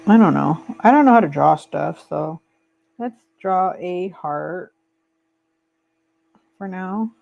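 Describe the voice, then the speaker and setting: A woman's voice: fairly low pitch, slow, vocal fry, pauses often, a little hiss or hum. Lazy, chatty woman live-streaming. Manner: chatty, reads and answers viewer comments aloud; relaxed and lazy, trailing off with fillers. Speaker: livestream host. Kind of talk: casual live-stream chat while crafting. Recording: dull lo-fi stream audio.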